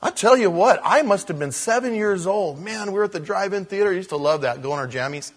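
Guy preaching, husky slightly high voice, goes quiet then loud telling stories. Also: fast. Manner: animated storytelling, swings from soft hush to loud. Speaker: pastor. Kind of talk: sermon.

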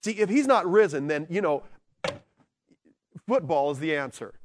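A man preaching from the pulpit in a fairly high voice. He moves between slow, hushed stresses on key words and lively, excited bursts. The delivery is animated and conversational. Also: noisy background. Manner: animated, swinging from quiet emphasis to excited shouting. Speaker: pastor. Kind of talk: sermon.

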